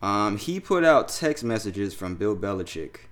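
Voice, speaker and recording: A young man hosting a casual sports chat, loose and animated, swearing freely as he talks through the news. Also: lowish voice, measured pace. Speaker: podcast host.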